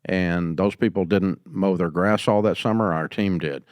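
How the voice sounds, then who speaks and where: On a call-in business advice show, an older host with a low voice responds to a caller at normal speed, spinning folksy stories and lowering his voice when quoting others. There's no echo on the recording.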